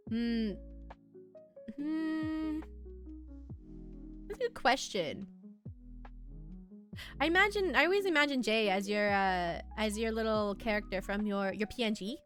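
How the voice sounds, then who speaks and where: A bubbly young woman chats with her viewers on stream, giggling often as she reads their messages aloud. Her voice sits fairly high and swoops all over. Soft music plays faintly under her voice. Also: expressive, unhurried, pauses often. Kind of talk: casual chat with live chat.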